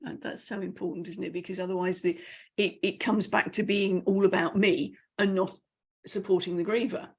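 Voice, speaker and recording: A woman hosting an interview, warmly affirming her guest as she listens. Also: mid-range voice, steady tone, normal speed, breathy edge. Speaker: host. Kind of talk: interview conversation.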